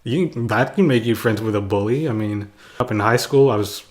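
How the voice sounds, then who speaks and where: A man's voice: on the low side, moderate pace. Young man telling a rambling story. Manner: rambling, full of "like" and chuckles. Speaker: vlogger. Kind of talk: casual storytelling.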